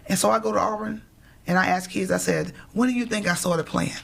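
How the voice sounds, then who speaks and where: A woman's voice: medium pitch, steady tone, brisk, creaky. A young woman telling a faith story as a talk show guest, repeating words as she goes. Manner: storytelling, repeats words, Southern church cadence. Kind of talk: faith talk, personal testimony.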